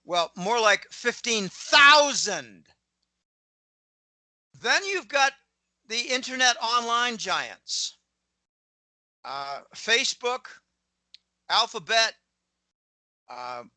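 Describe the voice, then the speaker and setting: Rambling, opinionated middle-aged man, bright voice. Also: high voice, no room sound, poor audio. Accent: General American, lost his Pittsburgh accent. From Pittsburgh, USA. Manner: rambling, opinionated, digressive, clears throat often. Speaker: guest commentator. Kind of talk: casual interview monologue.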